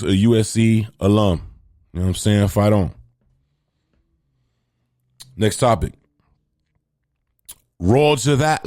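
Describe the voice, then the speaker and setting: A man's voice: fairly low pitch, darkish tone, dry recording, studio quality. A man hosting a sports talk show, casually rambling through football analysis with slang and restarts. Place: home near an air base, planes heard.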